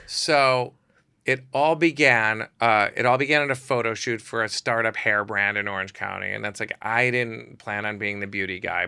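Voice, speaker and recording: A man, a photographer guest on a podcast, telling stories in a casual, animated way and acting out quotes in shifting voices. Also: lowish voice, vocal fry, clear, resonant tone, no echo. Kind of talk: casual storytelling.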